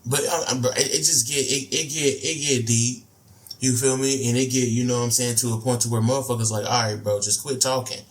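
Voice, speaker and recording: A man's voice: medium pitch, fairly even intonation, a little fast, a little hiss or hum. A man hosting a reaction video, talking in loose slang and repeating himself as he comments. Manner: slangy, laid-back, repeats phrases. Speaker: reaction host.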